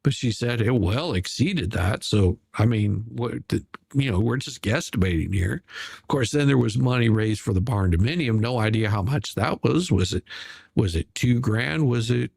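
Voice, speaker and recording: A man's voice: mid-range voice, animated, moderate pace, gravelly, a little mellow, breathy edge, no room sound, studio quality. A man hosting casual drama commentary, sarcastic and rambling, with many restarts. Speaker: commentary channel host.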